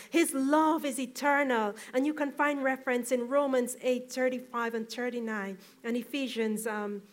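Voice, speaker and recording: A woman preaching a sermon, asking impassioned rhetorical questions and sometimes repeating words as she searches for them. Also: fairly high pitch.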